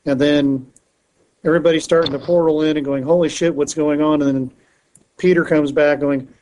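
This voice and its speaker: A man's voice: on the high side, fairly even intonation, moderate pace, darkish tone, slight background noise, poor audio. A man co-hosting a casual comic book podcast, recapping a story in a rambling way with many fillers and restarts. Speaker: podcast co-host.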